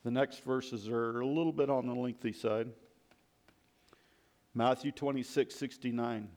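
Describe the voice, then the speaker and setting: A man's voice: medium pitch, fairly even intonation, a little slow, darkish tone. A man preaching a sermon and reading scripture aloud, reflecting on the passages.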